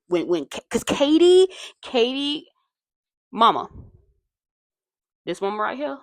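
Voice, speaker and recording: A woman's voice: lowish voice, fairly bright tone, no echo. A woman hosting a casual commentary video essay, chatty and digressive with many asides, her voice a little tired and strained. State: voice tiring and strained.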